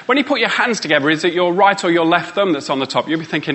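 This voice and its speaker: A man running a live workshop, teasing the crowd and coaxing them along. His voice sits high for a man and sounds bright and forward. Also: animated, quick pace, few pauses. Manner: playful, teasing, coaxing the audience. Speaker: motivational speaker. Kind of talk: live workshop talk to an audience.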